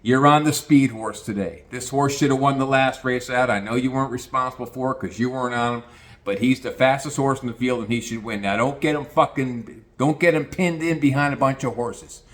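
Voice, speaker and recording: A gruff older horse trainer giving blunt, profane orders, voiced by a man. He talks flat out and bossy, pushing hard on the key commands. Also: mid-range voice, brisk, close to an everyday voice.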